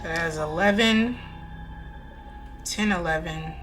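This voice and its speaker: Give me a low-pitched woman chatting casually through a budget vlog, with music playing behind her. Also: measured pace, fairly bright tone. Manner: rambling, casual, lots of "like" fillers. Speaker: budgeting vlogger.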